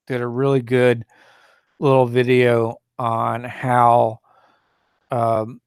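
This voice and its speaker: In clean studio sound without any room tone, a man with a smooth, medium-pitched voice hosts a solo talk show. He rambles indignantly, with many fillers and restarts, and mocks opposing views in a raised, sneering voice.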